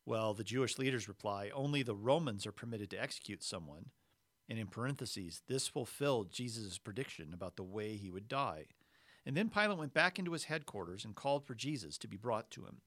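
A man preaching a sermon in a measured, conversational way, reading scripture and adding explanatory asides. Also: lowish voice, expressive, a bit bright, no room sound, studio quality. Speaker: pastor.

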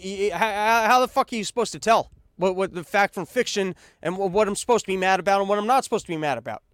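A man's voice: high-pitched, dry recording, clean studio sound. A man hosting a podcast, ranting casually and sarcastically with lots of swearing and stammered restarts. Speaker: podcast host.

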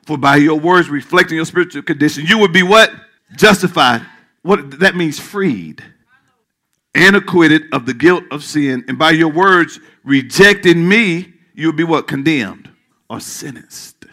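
A male pastor preaching a sermon in church, calling out questions to the congregation and dropping into hushed asides. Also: a little high, measured pace. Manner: call-and-response preaching, swings from loud to hushed asides.

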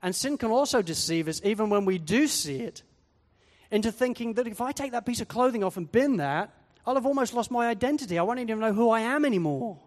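A pastor delivers a sermon in a fairly high voice. He is animated and acts out quoted voices along the way. The sound carries the long echo of a hall. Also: fairly quick.

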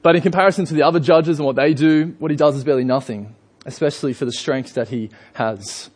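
A man's voice: on the high side, quick pace, darkish tone. A young Australian man preaching a sermon in a casual storytelling way, with lots of fillers and asides to the congregation. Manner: chatty storytelling with frequent fillers.

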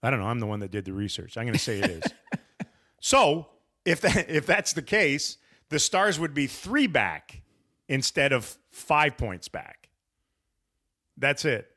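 A man's voice: mid-range voice, sing-song, unhurried, long pauses, pushed and bright. A man hosting a casual sports podcast, talking in a wry, teasing, rambling way. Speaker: podcast host.

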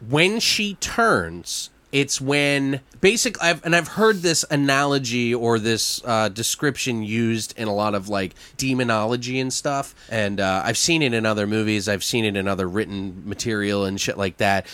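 A man chatting casually about a horror film, animated and swearing freely, with many fillers. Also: mid-range voice, normal speed, hardly any pauses, no room sound. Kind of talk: casual movie discussion.

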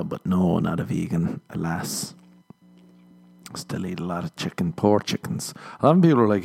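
Young male podcast host, low voice, gravelly, rambling casual chat. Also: fairly even intonation, moderate pace, darkish tone. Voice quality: low, gravelly, laughs often.

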